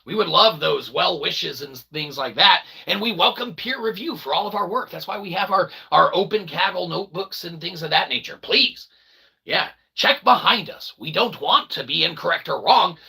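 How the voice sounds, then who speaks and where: A man hosting his own vlog, chatting casually and rambling, joking and breaking into loud exclamations. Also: high-pitched, normal speed, gravelly, husky. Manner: animated, jokey, bursts of loud exclaiming. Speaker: independent developer and channel host.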